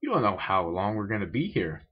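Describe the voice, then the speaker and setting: A man voicing an angry male pro wrestler, yelling in a muffled lo-fi recording. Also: on the low side, very animated, a little fast, breathy edge. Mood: concerned. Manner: yelling, furious.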